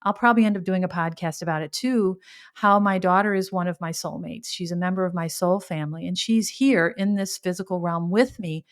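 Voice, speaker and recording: A woman's voice: lowish voice, fairly quick. A middle-aged woman hosting a podcast, telling a personal story in a rambling way, often backtracking and acting out quoted exclamations. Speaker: podcast host.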